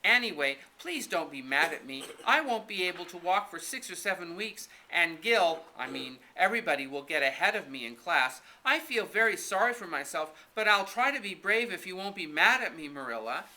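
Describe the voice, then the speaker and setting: A man's voice: sits high, normal speed, few pauses, voice pushed up, full character voice, poor audio. A man voicing an eager, dramatic young girl in a storybook reading. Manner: excitable, theatrical.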